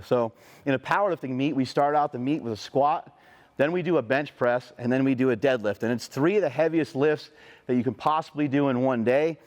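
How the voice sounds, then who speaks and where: A middle-aged man giving a motivational speech, telling a personal story in a profane, animated way. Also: mid-range voice, a little fast. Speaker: motivational speaker.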